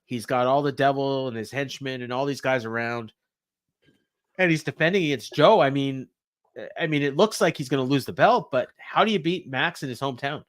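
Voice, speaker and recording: A man's voice: mid-range voice, brisk. A man co-hosting a podcast, recapping a show in a rambling way with many fillers. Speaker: podcast co-host. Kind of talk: casual wrestling recap.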